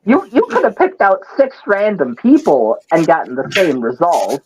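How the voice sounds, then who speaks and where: A man's voice: high voice, sing-song, normal speed, noisy background. A man from Wisconsin with a Wisconsin accent, ranting in casual, profane chat.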